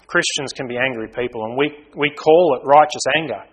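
A man preaching a sermon in an earnest way, swinging from loud emphasis down to quiet, low asides. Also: fairly quick, slightly rough, rough recording. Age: young adult to middle-aged.

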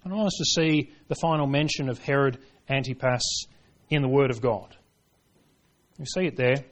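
A man preaching a sermon, reading scripture aloud and driving points home, swinging between hushed lines and forceful ones. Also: medium pitch, moderate pace. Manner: reads scripture aloud in King James wording.

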